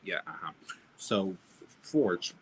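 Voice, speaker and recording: A man co-hosting a podcast in casual chat, blunt and animated, laughing at his own jokes. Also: low voice, takes it slowly, a little hiss or hum. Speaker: podcast co-host.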